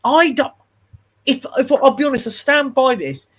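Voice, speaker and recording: Husky guy in a football chat. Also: very high voice, normal speed. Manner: animated, repeats words when getting started. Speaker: co-host.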